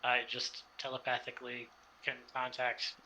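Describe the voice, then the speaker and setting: A man's voice: mid-range voice, monotone, moderate pace, bright, forceful tone, slight background noise, low-quality recording. A man playing a tabletop game, speaking hesitantly and often breaking off. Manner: hesitant, stops and restarts. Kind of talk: casual play at a tabletop game.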